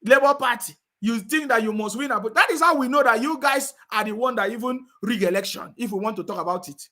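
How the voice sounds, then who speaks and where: A man rants in a combative, repetitive way, often checking that his listeners follow him. His voice sits high for a man and sounds bright and forceful. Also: fast talker. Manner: combative, repeats phrases, asks "you understand me?". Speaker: political commentator. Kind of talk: heated live-stream rant.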